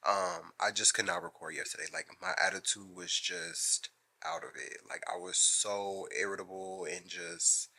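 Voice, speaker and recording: A man's voice: sits low, vocal fry, sharp tone. A young man vlogging casually to the camera from his bed, chatty and full of likes and ums. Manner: chatty, lots of "like" and "um". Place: in bed at home.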